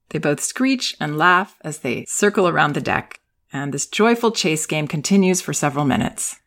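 A woman hosting a parenting talk, speaking in a gentle, patient and measured way as she acts out calm phrases to say to young children. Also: low voice. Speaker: parenting educator and podcast host. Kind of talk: calm instructive talk with role-played examples.

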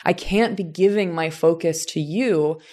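A woman from Southern Indiana talks through her ideas in a thoughtful, casual way, often restarting her sentences. Her voice sits a little low for a woman. She speaks at an easy conversational pace. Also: measured pace. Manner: reflective, animated examples, frequent restarts. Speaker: teacher and voice coach.

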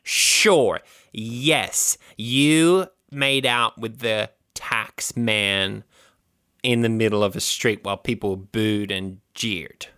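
A man's voice: on the low side, slow, bright, forceful tone, smooth, no echo. Man, improv comedy podcast, pompous and self-important, dry close sound. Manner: pompous, mock-cultured bluster. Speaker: comedy podcast improviser playing a campaign manager.

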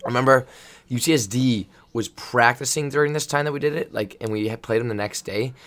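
A man's voice: mid-range voice, a little fast. A man who coaches volleyball, chatting casually on a podcast and rambling through stories with lots of restarts. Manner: rambling, animated storyteller with many restarts. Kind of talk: casual storytelling chat.

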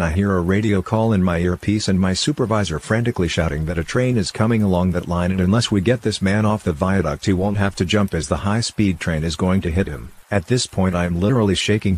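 A man narrating stories in a low, somber storytelling manner. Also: a little mellow, husky. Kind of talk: scripted narration.

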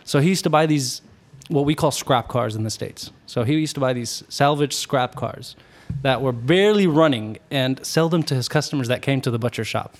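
A man's voice: mid-range voice, moderate pace, hardly any pauses. A man casually telling a long story on a podcast, rambling with restarts and laughing at his own story.

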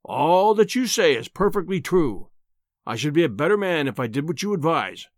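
A man voicing a pompous, booming older male professor who talks down to his listener in an audiobook reading. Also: big pitch swings, normal speed, no room sound, clean studio sound. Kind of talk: audiobook character voice.

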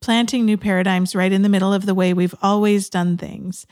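A woman's voice: medium pitch, fairly even intonation, brisk. A woman hosting a podcast, chatting and reading passages aloud with frequent laughter. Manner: warm, laughs often, reads quotes aloud. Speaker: podcast host. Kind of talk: podcast conversation.

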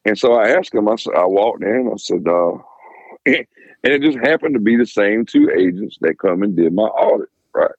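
A man's voice: fairly low pitch, lively intonation, dry recording. A man, a police officer, tells his story in a casual interview, swearing, laughing and acting out what people said. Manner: profane, laughing, fast retelling of dialogue. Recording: dry, phone-like sound.

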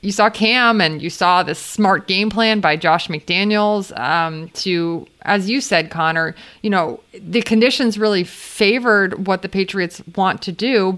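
A young woman with a lowish, smooth, clear voice breaks down football games in a measured way. She speaks with a few "um"s and "you know"s. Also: fairly bright tone. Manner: measured, thoughtful, some fillers. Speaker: podcast co-host. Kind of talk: casual sports chat.

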